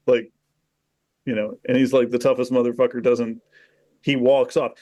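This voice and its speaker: A man co-hosting a casual podcast chat, telling stories with animated energy, swearing freely and laughing as he goes. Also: medium pitch, moderate pace, dry recording, studio quality. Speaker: podcast co-host.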